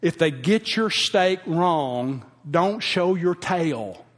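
A man's voice: fairly high pitch, lively intonation, slow. A man, a pastor telling a heartfelt personal story in a folksy sermon. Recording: long hall reverb.

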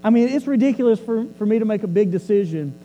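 High-voiced, mellow male preacher. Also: expressive, quick pace, big-room sound, slight background noise, rough recording. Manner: conversational, repeats and restarts words. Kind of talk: storytelling sermon.

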